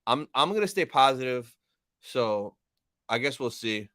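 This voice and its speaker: A man's voice: mid-range voice, lively intonation, unhurried, fairly bright tone, smooth, no room sound, clean studio sound. A young man hosting a live stream, casually chatting with viewers, reading chat aloud and thanking them.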